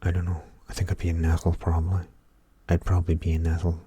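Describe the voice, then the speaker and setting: Brief: low-voiced Irish man rambling through casual ASMR chat at his desk, foul-mouthed and wry, dry close mic. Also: monotone, fast talker, warm tone, husky, no room sound. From Ireland. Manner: swears constantly, rambling and wry. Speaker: ASMR channel host. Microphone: Blue Yeti desk microphone.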